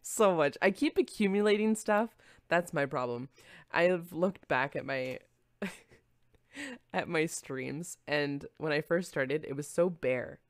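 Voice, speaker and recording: A woman's voice: low-pitched, slow, no room sound, studio quality. A young woman streamer chatting casually and rambling with her viewers, easily distracted and giggling often. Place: home room.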